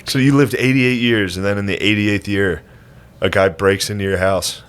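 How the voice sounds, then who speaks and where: A man co-hosting a comedy podcast, trading jokes and quick punchlines in casual banter. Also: lowish voice, steady tone, fairly bright tone, clean tone. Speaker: podcast co-host.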